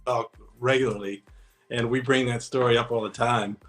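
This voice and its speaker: Relaxed man telling a war-story anecdote. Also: mid-range voice, normal speed, faint music behind, poor audio. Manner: easygoing anecdotal telling, acts out dialogue. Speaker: guest, former Navy special operator. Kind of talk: casual interview storytelling.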